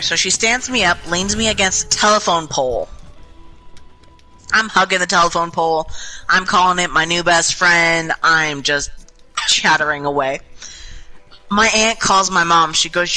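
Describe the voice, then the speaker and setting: A young adult woman casually telling a long, rambling story over game voice chat, chatty and animated, swearing freely. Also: on the low side, normal speed, soft background music, rough recording. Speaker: gaming group member. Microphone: headset or desk mic in online voice chat.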